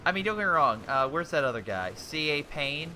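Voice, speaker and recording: Young male commentator, excitable and chatty over game replays, bright ringing tone, faint hiss behind. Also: on the high side, brisk. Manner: excitable, exclaiming, rambling with restarts.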